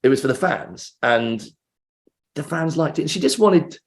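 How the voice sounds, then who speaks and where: A man's voice: on the high side, expressive, moderate pace. A man, an actor guest, telling a rambling, self-interrupting story in a casual interview.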